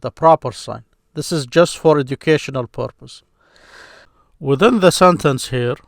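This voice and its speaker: A man's voice: a little high, no room sound, studio quality. Patient man teaching grammar. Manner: patient, step-by-step, pointing things out. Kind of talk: explaining at a board or screen.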